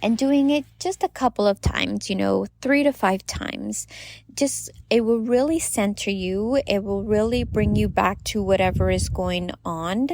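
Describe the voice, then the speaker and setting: Woman host in her thirties, casual advice podcast, chatty, lots of fillers, mid pitch. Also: measured pace, vocal fry, darkish tone. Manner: chatty, many "you know" fillers.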